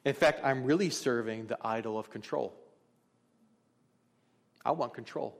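A man's voice: medium pitch, a little slow, gravelly. A middle-aged man preaching a sermon as pastor, telling stories in a conversational, candid way. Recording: long reverb of a large hall.

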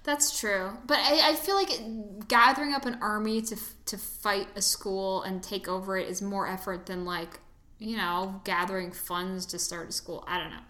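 A woman co-hosting a casual film review chat, talking in a loose, chatty way with lots of fillers. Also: normal speed. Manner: chatty, lots of fillers, animated swings in pitch. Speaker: podcast co-host reviewing a film. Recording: echoey room.

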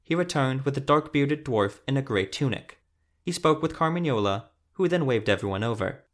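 A male narrator reads a fantasy story in a measured, steady way. His voice sits in the middle of a man's range and keeps an even pace. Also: mid-range voice.

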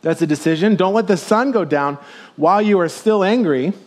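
Animated, joking man preaching a sermon. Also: fairly quick. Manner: conversational, jokey preaching with lively swings in loudness and pitch. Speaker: pastor.

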